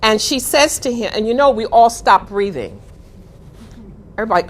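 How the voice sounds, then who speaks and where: A middle-aged woman giving a motivational talk, telling a story with dramatic pauses. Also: medium pitch, expressive. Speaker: speaker.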